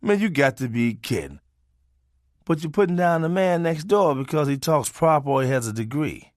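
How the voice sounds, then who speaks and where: A man's voice: animated, moderate pace, no room sound, clean studio sound. Profane man narrating a comic memoir. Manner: profane, preachy, swinging pitch for emphasis.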